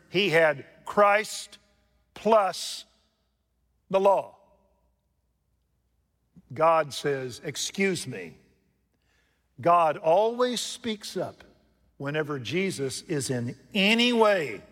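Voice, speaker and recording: A man preaching a sermon from the pulpit, jumping from loud emphatic lines to hushed asides and putting questions to his congregation. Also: fairly high pitch. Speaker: pastor. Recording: long reverb from a large hall.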